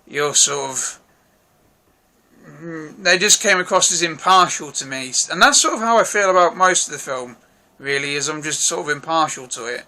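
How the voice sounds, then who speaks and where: A man giving a casual, rambling film review, frank and quick to swear, often hedging and apologizing in case he missed something. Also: on the high side, lively intonation, pushed and bright.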